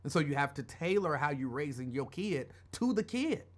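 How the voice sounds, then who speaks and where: A man's voice: on the high side, sing-song, normal speed. A middle-aged man hosting a show, telling a personal story in a casual, rambling way that drifts off topic. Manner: rambling, digressive, conversational. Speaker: radio show host.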